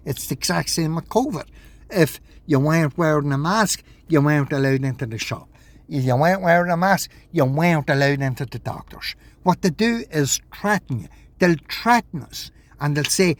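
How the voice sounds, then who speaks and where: A man's voice: fairly high pitch, animated, normal speed, no room sound. A man talking in a rambling vlog monologue, agitated, swearing and repeating himself. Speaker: vlogger.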